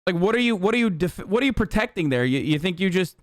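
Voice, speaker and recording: A male livestream host from Turkey delivers a heated, profane rant in a somewhat high voice. His tone is smooth and resonant. The recording is dry and close. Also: lively intonation, quick pace, no echo.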